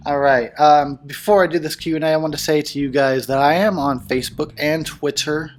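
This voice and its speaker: A man's voice: fairly high pitch, steady tone, fairly quick. A man hosting his own video channel, chatting casually in a loose, profane, self-mocking way. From United States. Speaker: horror channel host. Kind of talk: casual vlog chat.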